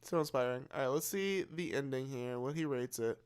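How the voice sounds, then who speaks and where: A man's voice: mid-range voice, brisk, clear, resonant tone. A young man hosting a casual late-night livestream, rambling and often repeating and restarting his words. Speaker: livestream host.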